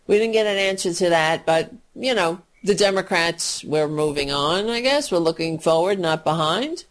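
A woman ranting about politics in a casual, profane, sarcastic way, mocking others in quick put-on voices. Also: lowish voice, expressive. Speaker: political commentator.

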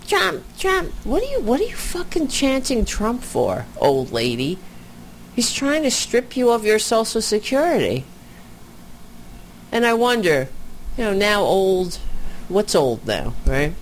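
A woman's voice: lowish voice, slight background noise. A woman in her forties ranting in a casual political stream, sarcastic and profane, rambling and restarting her sentences. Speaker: live streamer.

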